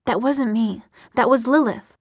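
A woman reading an audiobook, voicing a cocky, teasing young man who speaks smoothly and mockingly. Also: on the high side, unhurried, no echo, clean studio sound.

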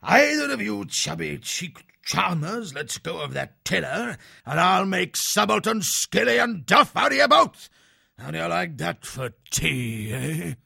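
Big old hare officer, bellowing, very high, gravelly, drawn-out audiobook character. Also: male voice, very animated, pushed and bright, full character voice. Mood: menacing. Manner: roaring gravelly sea-captain orders.

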